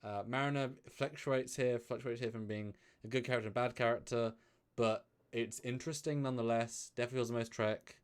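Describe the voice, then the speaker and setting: A man co-hosts a live review stream in a brisk, clean, medium-pitched voice with fairly even intonation. He talks loosely and chattily, with lots of fillers and restarts, and every so often pleads with viewers for donations.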